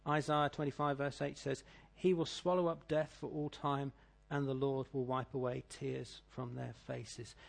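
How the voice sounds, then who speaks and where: A middle-aged British man preaching a sermon, reading scripture and telling stories, swinging between loud declaiming and quiet asides. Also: medium pitch, level tone, a little slow, creaky. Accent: British English. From Britain.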